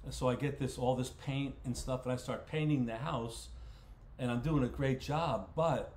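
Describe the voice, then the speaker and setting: A man's voice: medium pitch, fairly even intonation, normal speed, a little mellow, a little hiss or hum. Folksy man teaching Bible study in a roomy space. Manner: folksy, repeats words while thinking aloud. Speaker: pastor leading a Bible study. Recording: roomy echo.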